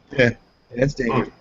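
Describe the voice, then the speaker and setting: A man's voice: medium pitch, breathy edge. A man chatting casually as a guest, telling rambling work stories full of swearing. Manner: profane, rambling storyteller. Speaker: guest, steel mill worker. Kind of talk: casual chat. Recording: dull lo-fi podcast audio.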